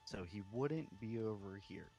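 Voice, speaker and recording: A man playing a character in a game roleplay, talking in a slow, flirty drawl. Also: lowish voice, mellow, slightly rough, faint music behind. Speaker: roleplay player.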